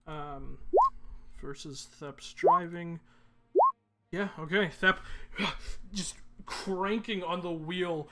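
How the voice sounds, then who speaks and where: A man narrating as game master of a tabletop game, pausing often with ums and uhs. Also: a little high, sharp tone. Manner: halting, many ums and uhs.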